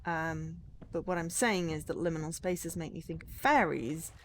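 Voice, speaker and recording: A woman's voice: low-pitched, normal speed, slight background noise. Chatty woman streaming a game. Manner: chatty, musing, talks to chat. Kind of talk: casual gameplay commentary.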